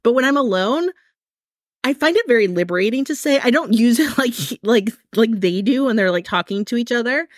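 A woman's voice: a little high, expressive, a little fast, no room sound, studio quality. A woman with a Californian American accent, co-hosting a podcast, talking frankly and laughing through her words. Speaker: podcast co-host. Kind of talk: casual chat.

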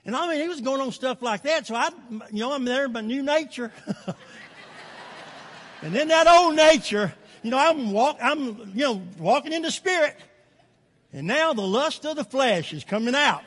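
Very high-voiced older pastor. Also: male voice, normal speed, in a large hall. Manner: animated storytelling, chuckling between lines. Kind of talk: sermon.

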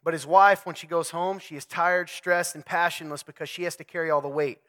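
A young man giving a conversational sermon to a men's group, animated and joking as he addresses the audience directly. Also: fairly high pitch, a little fast. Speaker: speaker at a men's talk.

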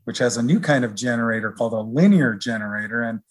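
A middle-aged man as an interview guest, explaining in a relaxed, rambling way with many fillers. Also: mid-range voice, quick pace. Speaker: research director guest. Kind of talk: conversational interview.

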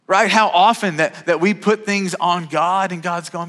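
A pastor in his thirties preaches with a lively, conversational flow, stumbling over and repeating his words as he goes. His voice is slightly high and sharply bright. The sound carries a long reverberation from a church sanctuary. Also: unhurried, hardly any pauses. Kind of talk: sermon. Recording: reverberant hall.

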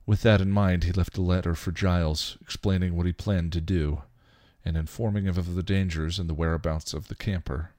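A man reading a fan story aloud in steady storytelling narration. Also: low voice, a little fast, hardly any pauses, no echo, studio quality. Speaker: reader.

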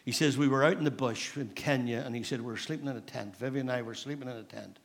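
A man's voice: mid-range voice, fast, vocal fry. A middle-aged man with a Northern Irish accent, a pastor preaching a sermon in a church in a conversational storytelling manner, repeating phrases for emphasis.

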